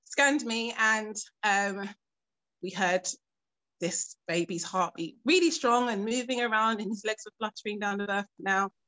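Earnest woman, halting testimony. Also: medium pitch, pushed and bright. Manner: earnest, halting storytelling with frequent pauses and fillers; keeps her composure while recounting something painful. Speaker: interviewee. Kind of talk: personal testimony in a documentary interview.

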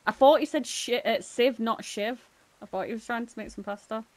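A man's voice: very high-pitched, normal speed, no room sound. A man joking and swearing mockingly during a gaming roleplay session.

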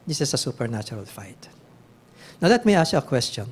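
A man's voice: medium pitch, sing-song, brisk, breathy edge. A man with a Filipino accent preaching a bible teaching sermon, emphatic and often questioning his listeners. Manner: emphatic, questioning the audience, reads verses aloud. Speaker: pastor.

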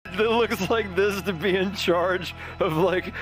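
A man chatting on his live stream, laughing a lot and swearing freely. His voice is bright and slow, with faint music playing behind him. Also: sits high. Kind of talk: casual live-stream chat.

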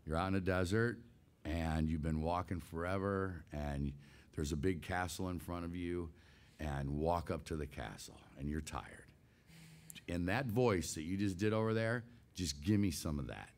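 Lively older man with a lowish voice. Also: normal speed. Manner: animated, laughs often, re-enacts scenes. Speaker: guest voice actor. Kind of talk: casual anecdotal storytelling.

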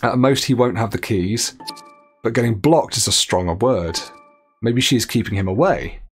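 A man's voice: mid-range voice, normal speed, faint music behind. A man streaming a game live, chatting, reading viewer messages aloud and laughing often.

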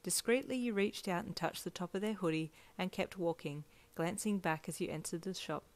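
A woman narrating a second-person fanfiction story in a gentle, even storytelling manner. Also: on the low side, normal speed.

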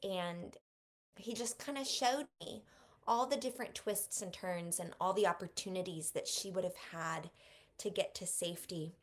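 Interview guest, woman in her thirties, slightly low voice, vivid emotional storytelling, softens and slows at tender moments. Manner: vivid retelling, speaks softly and slows at moving moments. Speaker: author guest.

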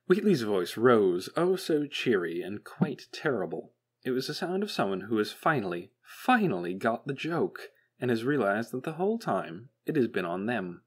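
Man, audiobook narration, steady, measured, medium pitch. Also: husky. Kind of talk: scripted narration.

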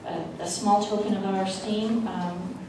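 A woman giving a halting tribute speech at a school board meeting, with many fillers. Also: mid-range voice, steady tone. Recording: echoey hall, mic from far off, noisy.

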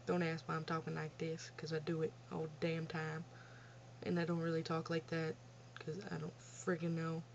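A woman's voice: deep voice, completely flat delivery, normal speed, vocal fry, a little hiss or hum. Blunt, laughing young woman on lo-fi audio. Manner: blunt, profane, laughing at her own stories. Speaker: vlogger. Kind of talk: casual storytelling Q&A. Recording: dull lo-fi home recording.

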